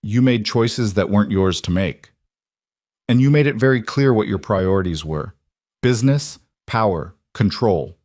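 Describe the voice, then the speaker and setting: A man's voice: lowish voice, expressive, normal speed, darkish tone, no room sound, studio quality. A man reading the lines of a cold, controlled mafia boss in a told story.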